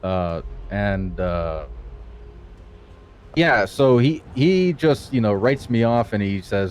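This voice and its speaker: A man's voice: fairly low pitch, animated, normal speed, a little hiss or hum. A man in a roleplay who tells his side of events in a rambling, casual way and swears a lot. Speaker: accused client in roleplay. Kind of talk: in-character roleplay storytelling.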